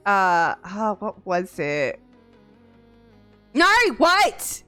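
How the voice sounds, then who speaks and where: A young woman streamer chatting casually on a live stream, animated and quick to laugh, swearing freely. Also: medium pitch. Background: faint music.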